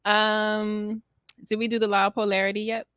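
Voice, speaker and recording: A woman's voice: mid-range voice, level tone, normal speed, noisy background. A woman co-hosting a casual chat, explaining steadily and laughing along with her partner. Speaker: co-host.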